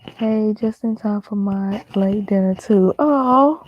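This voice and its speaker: A woman's voice: mid-range voice, slow pace, no room sound, highs cut off. A woman hosting a casual live stream, congested from allergies, chatting and greeting viewers by name one after another.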